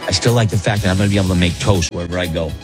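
Low-voiced, joking morning radio host man. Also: steady tone, rapid-fire, music in the background. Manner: jokey, rambling, self-interrupting. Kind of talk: casual on-air banter and storytelling. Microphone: studio broadcast mic.

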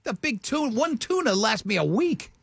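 A man's voice: extremely high pitch, sing-song, moderate pace, vocal fry, a bit bright. A male radio show host in casual banter, rambling and often restarting his sentences. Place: radio studio.

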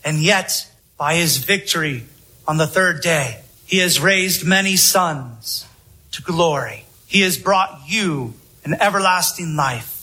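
A male preacher delivering a solemn sermon, his voice high and bright with a slightly husky edge. He speaks slowly and with emphasis, letting long pauses hang between phrases. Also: lively intonation, poor audio.

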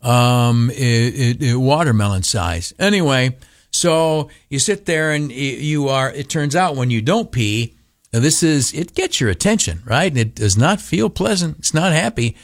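Older male radio humorist, animated, lively pitch. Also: a little slow, no room sound, studio quality. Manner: animated, acts out dialogue in raised voices. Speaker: radio commentator. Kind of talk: humorous storytelling monologue.

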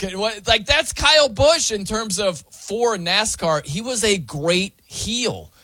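A man hosting casual sports talk, animated and chatty, sometimes mimicking wrestling announcers. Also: high voice, normal speed, few pauses, no room sound.

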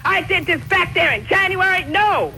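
A woman on a phone call, stubborn and insistent, repeating herself and raising her voice to shouting at times. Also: very high-pitched, expressive, moderate pace, vocal fry, slight background noise. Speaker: prank call target.

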